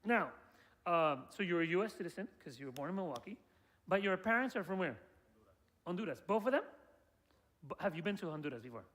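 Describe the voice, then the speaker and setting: A man with a high-pitched voice leads a class through an interactive presentation, like a guide previewing a tour. He keeps tossing questions to his listeners and praising each answer. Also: very animated, fast talker, pauses often, a bit bright. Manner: quizzes the audience and praises their answers. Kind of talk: interactive presentation to a student audience.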